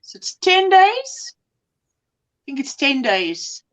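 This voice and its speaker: A woman's voice: sits high, wildly swooping pitch, slow pace, poor audio. A woman chatting casually as a guest on a live stream, playful and chatty. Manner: chatty, playful, tongue-twister teasing. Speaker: guest co-host.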